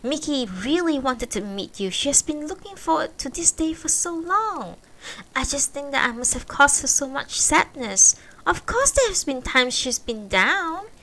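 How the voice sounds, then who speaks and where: A woman's voice: high-pitched, sing-song, normal speed, sharp tone, pitched above the performer's own voice, full character voice. A woman voicing an insistent, urgent middle-aged woman who presses her questions.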